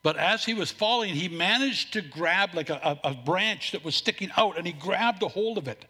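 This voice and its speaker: A man preaching a sermon as pastor, earnest, telling a story, with a few halting restarts. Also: high-pitched, expressive, bright, forceful tone, breathy edge.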